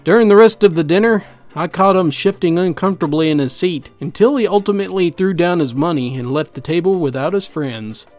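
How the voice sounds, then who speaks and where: Male narrator, fairly high, wry conversational storytelling over light music. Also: animated, normal speed. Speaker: host reading online stories. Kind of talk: scripted narration. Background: faint background music.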